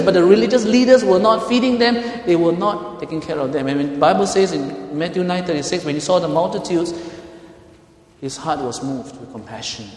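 A male pastor preaching a sermon, swinging between loud emphatic lines and soft hushed ones. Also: on the high side. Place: church. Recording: echoey hall with long reverb.

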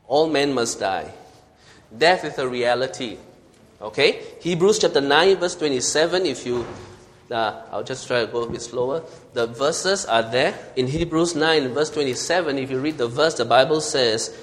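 Male preacher, mid-pitched and emphatic, repeats key lines, long hall reverb. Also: normal speed. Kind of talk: sermon.

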